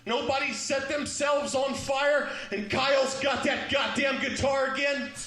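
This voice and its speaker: A man doing a stand-up comedy set, with a loud, punchy delivery and acted-out quotes. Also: very high-pitched, steady tone, unhurried, roomy sound, faint music behind.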